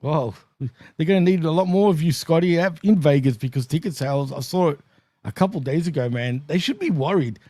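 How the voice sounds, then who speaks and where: A man's voice: a little high, a little fast, warm tone, dry recording, clean studio sound. A man from Australia with an Australian accent, co-hosting a wrestling review show and laughing often in a laid-back way. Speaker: co-host. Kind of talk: casual wrestling review chat.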